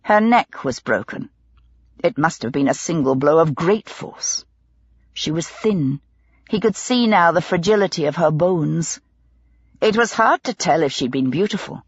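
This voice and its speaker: Husky-voiced woman narrating a mystery. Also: on the low side, no echo, muffled recording. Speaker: audiobook narrator. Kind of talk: scripted narration.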